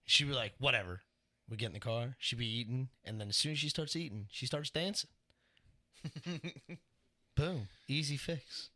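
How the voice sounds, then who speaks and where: A man's voice: medium pitch, moderate pace, long pauses, bright, forceful tone. A man co-hosting a casual comedy podcast, chatty and teasing, laughing often. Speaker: podcast co-host.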